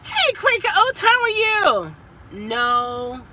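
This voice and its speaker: Animated, chatty woman. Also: very high voice, takes it slowly, a little hiss or hum, poor audio. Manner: chatty, animated, stumbling over words. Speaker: vlogger and rideshare driver. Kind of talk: casual chat.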